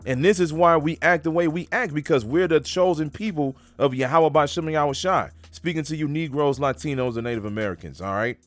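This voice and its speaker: A man's voice: on the high side, brisk, few pauses, soft background music. A man preaching casually while reading scripture aloud. He is emphatic, uses street-talk phrasing and keeps saying "man.".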